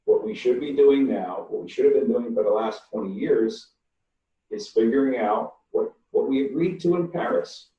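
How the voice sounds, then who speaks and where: An older man answers questions in an online webinar, blunt and emphatic, and he leans slowly on the words he wants to stress. His voice is dark and mellow. It sounds distant and roomy over a dull, lo-fi call line. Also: medium pitch, slight background noise. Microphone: computer mic on a video call.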